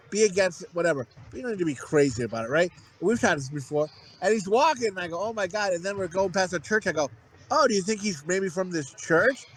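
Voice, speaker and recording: High-voiced crude rambling man. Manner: crude, rambling storytelling with acted-out quotes. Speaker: podcast co-host. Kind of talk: casual chat.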